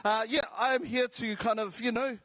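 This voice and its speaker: Joking South Auckland man, high voice. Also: fairly even intonation, moderate pace, fairly bright tone, no echo. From New Zealand. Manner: jokey, self-deprecating. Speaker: comedian and radio host. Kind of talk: stand-up style talk. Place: large indoor venue.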